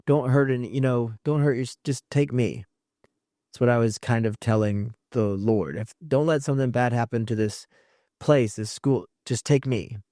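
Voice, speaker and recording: Halting man telling a personal story. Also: mid-range voice, dark tone, no echo, studio quality. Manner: halting, restarts mid-thought. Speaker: podcast host.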